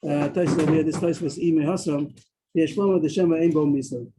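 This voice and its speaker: Guy teaching talmud on a video call, talks super fast, dark mellow voice, keeps restarting. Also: a little high, fairly even intonation, a little hiss or hum, low-quality recording. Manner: explains quickly, with frequent restarts. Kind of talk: daily Talmud study class over video call.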